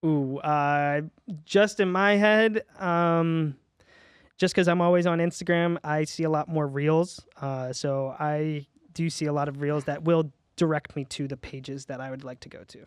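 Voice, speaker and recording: A man's voice: on the high side, steady tone, a little slow, clean tone, dry recording, clean studio sound. A man chatting casually as a podcast guest, a rambling storyteller who laughs a lot. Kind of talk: casual chat. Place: podcast studio. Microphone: studio mic.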